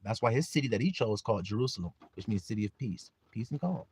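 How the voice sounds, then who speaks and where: A man preaching a sermon, reading scripture loudly and turning quiet for personal stories, often asking his listeners if they see. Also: lowish voice, quick pace, hardly any pauses, slightly rough, no echo. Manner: casual, blunt preaching with mild swearing.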